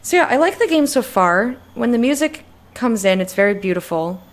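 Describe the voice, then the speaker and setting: A woman's voice: on the high side, expressive, normal speed. A woman chatting casually while streaming a game, sleepy and rambling, apologizing and swearing lightly. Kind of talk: casual let's-play chat.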